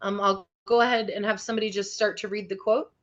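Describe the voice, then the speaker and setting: A woman's voice: mid-range voice, level tone, fast, fairly bright tone. A woman leads a lesson for teenagers with an encouraging manner. She talks in a chatty way, full of asides. The sound is dull and slightly lo-fi. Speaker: teacher leading a teen skills session. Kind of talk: classroom lesson over video call. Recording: dull lo-fi audio.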